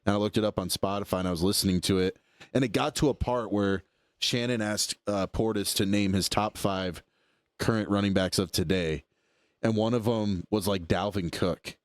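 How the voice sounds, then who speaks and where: A young man co-hosting a podcast, chatting casually about sports in a relaxed, rambling way with lots of fillers. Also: fairly low pitch, normal speed, dry recording, studio quality. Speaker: podcast co-host.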